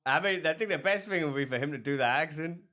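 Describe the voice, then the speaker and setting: A man co-hosting a relaxed podcast chat, rattling off stories at a rapid clip. His voice sits a little high for a man, and he laughs easily as he talks. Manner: fast, animated storytelling, laughing often. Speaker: podcast co-host. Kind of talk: casual pub-style chat.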